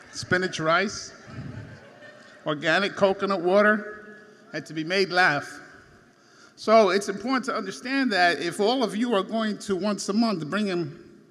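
A man's voice: high voice, pushed and bright. Joking man in a reverberant church hall. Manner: joking, loose and conversational. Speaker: church speaker following the sermon. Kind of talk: casual remarks. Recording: hall reverb with faint room noise.

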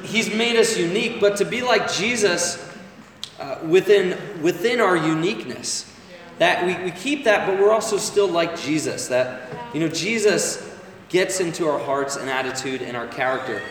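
A man's voice: a little high, fairly bright tone, slight background noise. A man preaching a sermon in a conversational way, often asking the congregation "right?", with listeners calling back. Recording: echoey hall, voice from far off.

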